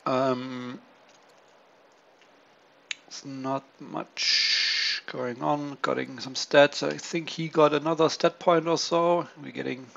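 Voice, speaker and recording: A man giving casual, low-key commentary on his turn in a strategy game, thinking aloud with many pauses and ums. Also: flat delivery, vocal fry, a bit bright. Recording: dull lo-fi mic with faint hiss.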